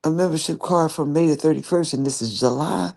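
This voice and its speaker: Woman host ranting live on stream, confrontational and repetitive, lowish gravelly voice. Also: a little fast, warm tone. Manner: confrontational, speaking straight to an absent opponent; rambling, repeats herself. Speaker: livestream host. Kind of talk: direct-address livestream rant.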